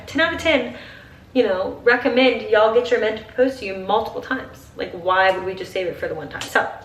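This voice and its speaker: A woman's voice: medium pitch, distant mic, a little hiss or hum. Young woman, 20s, chatty get-ready-with-me vlogger; gushing, filler-heavy, teary; roomy room sound. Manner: chatty, gushing, says "like" constantly. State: teary, crying at times.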